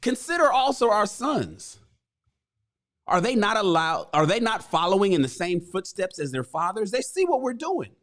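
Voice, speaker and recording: A man's voice: high voice, big pitch swings, normal speed, fairly bright tone, voice pushed up. A man voicing a frustrated working-class chariot builder, retelling a parable in profane street slang. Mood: exasperated.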